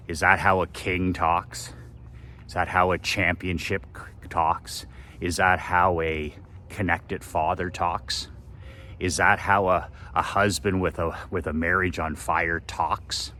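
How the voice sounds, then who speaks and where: A man's voice: low voice, bright, forceful tone, a little hiss or hum. A man giving a blunt, profane motivational monologue as a business coach, repeating phrases for emphasis.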